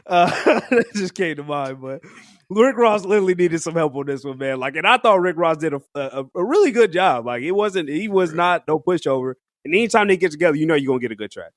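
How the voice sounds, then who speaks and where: A man's voice: mid-range voice, no echo, clean studio sound. A man co-hosting a podcast, chatting casually about new music in slangy talk, breaking into laughter often and restarting his sentences. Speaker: podcast co-host. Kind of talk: casual music review chat.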